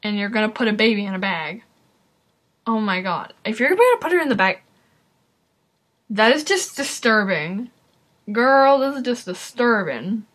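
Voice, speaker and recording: Here a woman reacts to a video in a casual, excitable way, addressing her viewers directly and exclaiming a lot. Her voice sits in the mid-range, at normal speed with frequent pauses.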